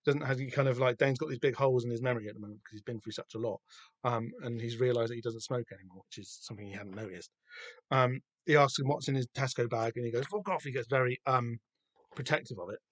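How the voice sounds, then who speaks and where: A podcast host with a Southern English accent talks excitedly and casually about a comic, swearing freely and rambling with plenty of fillers. His medium-pitched voice moves fast, with no echo.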